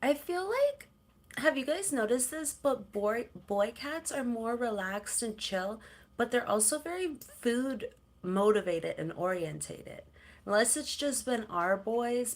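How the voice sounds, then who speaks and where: Host from Canada, middle-aged woman, easygoing livestream chatter, cooing baby talk to her pets, voice sitting a little high. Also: expressive, measured pace. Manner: chatty, coos softly to her cats. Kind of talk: casual livestream chat.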